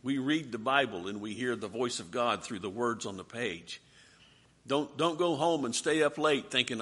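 A man preaching a sermon, asking rhetorical questions with dramatic swings from soft to loud. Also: medium pitch, animated, moderate pace, husky.

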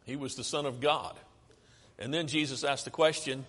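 A man's voice: medium pitch, fairly even intonation, normal speed, fairly bright tone, breathy edge. Preacher man in a reverberant hall. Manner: asks the congregation questions and answers them himself. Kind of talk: sermon with slides. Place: church sanctuary.

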